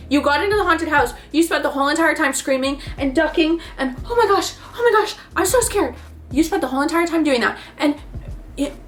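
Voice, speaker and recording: A woman in her twenties giving a casual motivational talk, chatty and animated, acting out little scenes and swearing freely. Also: high-pitched. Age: 20s. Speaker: vlogger.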